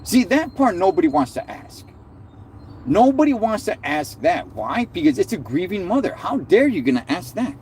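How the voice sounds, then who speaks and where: A man rants on a live stream, heated and sarcastic, his voice swinging up and down a lot and sitting a bit high. He throws in slang and repeats himself as he talks. A faint hum of traffic sits behind him. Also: sing-song, moderate pace, darkish tone. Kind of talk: ranting casual live stream.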